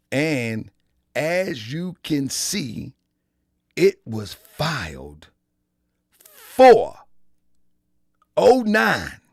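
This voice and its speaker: A man's voice: on the low side, slightly rough, no room sound, clean studio sound. A man hosting a live stream in a casual, repetitive style, talking straight to his chat. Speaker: live-stream show host.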